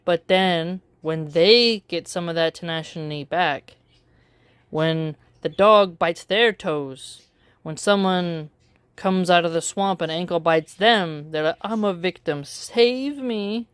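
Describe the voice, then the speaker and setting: A woman giving casual opinion commentary in a wry, measured way, drawing out her phrases with pauses. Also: on the low side, clear, resonant tone, no room sound. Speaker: political commentary vlogger.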